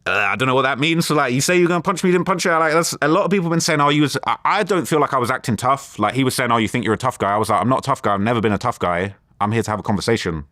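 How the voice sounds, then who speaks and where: Fast-talking London man telling a story. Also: medium pitch, no room sound, studio quality. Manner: rambling, animated retelling with quoted back-and-forth. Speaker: interview guest. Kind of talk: casual storytelling interview.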